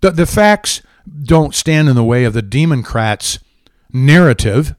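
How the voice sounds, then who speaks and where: A man's voice: mid-range voice, lively intonation, a little slow, no echo. A man hosting a political talk show, ranting with heated, indignant sarcasm. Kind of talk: angry political commentary.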